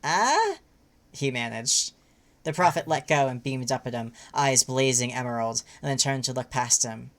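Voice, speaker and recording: A livestream co-host reads fan fiction aloud in a lively way before switching to a rambling, filler-heavy chat. She speaks at a normal speed in an extremely low-pitched voice.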